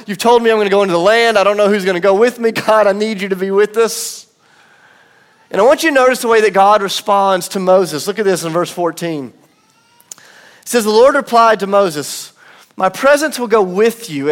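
A man in his thirties preaching a sermon as pastor, earnest and emphatic, slowing down for weight and dropping to soft low asides. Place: church auditorium.

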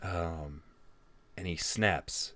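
A man narrating a tabletop horror game as game master, animated and laughing along. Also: low voice, drawn-out words, no room sound.

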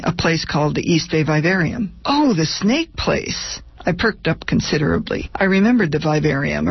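A woman guest author reads her memoir aloud with dry, wry storytelling. Her voice is gravelly and husky. It is recorded close and dry, with a dull, lo-fi sound. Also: sits low, no echo. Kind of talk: reading a memoir excerpt aloud.

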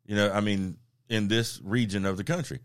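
A man's voice: fairly low pitch, steady tone, normal speed, clear, resonant tone, no echo, studio quality. A man with a Southern Georgia accent, hosting a casual podcast chat with jokes and cussing. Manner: drawling, joking, profane. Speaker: podcast host.

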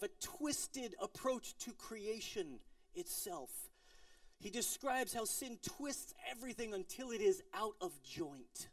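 A middle-aged male pastor giving a sermon in a casual, storytelling way, with playful asides and moments of quiet intensity. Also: sits high. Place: church service in an office building.

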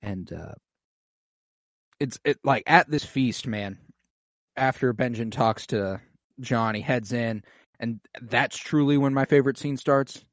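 A man's voice: mid-range voice, measured pace, pauses often, no room sound. A young man talks through a TV episode with a co-host in loose, slangy podcast chat. His voice sits in a middle register and is recorded close and dry. He drifts in and out of goofy quoted voices while keeping an easygoing tone. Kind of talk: casual chat recapping a TV episode.

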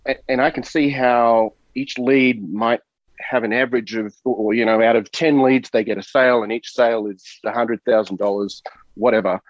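A man's voice: mid-range voice, steady tone, moderate pace, no room sound. A man who owns an agency and is a guest on a podcast, thinking aloud with many restarts. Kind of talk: casual conversation. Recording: dull, dry lo-fi sound.

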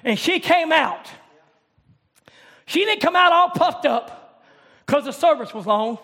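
High-pitched shouting preacher. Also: male voice, lively intonation, takes it slowly. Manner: chanting, shouting preacher with rising cadence. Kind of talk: revival sermon. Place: church.

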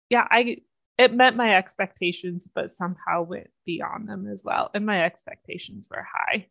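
A woman's voice: fairly low pitch, unhurried, gravelly, fairly bright tone, no room sound. A woman in casual fan chat, enthusiastic and laughing through her stories. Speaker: podcast co-host. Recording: dull dry lo-fi sound.

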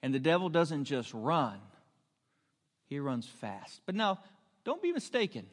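A male pastor preaching a sermon, emphatic, with rhetorical questions and drawn-out punch lines, in a church hall. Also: on the high side, sing-song.

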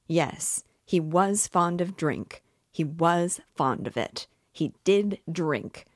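A woman voicing a drunken, mocking male clerk, speaking in a loud, slow, slurred way while reading a novel aloud. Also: low-pitched, expressive, no echo, clean studio sound. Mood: jeering. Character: drunken, jeering male clerk, middle-aged.

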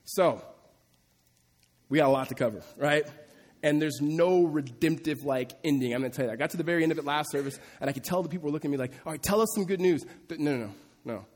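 A male pastor preaches with animated, conversational energy, slipping into acted-out quotes. His voice sits a little high for a man. The sanctuary adds a long hall reverb to every phrase. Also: fast talker. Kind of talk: sermon.

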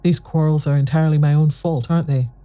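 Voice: mid-range voice, steady tone, fast, faint music behind, lightly acted. A narrator reading a fiery, proud young wife. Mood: bitter. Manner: pleading, then sharp and bitter. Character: quarrelsome young wife, proud and quick-tempered. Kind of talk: audiobook dialogue reading.

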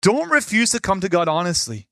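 A man preaching a sermon as pastor, moving between loud emphatic lines and quiet, low asides. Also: big pitch swings, a little fast, no echo, studio quality.

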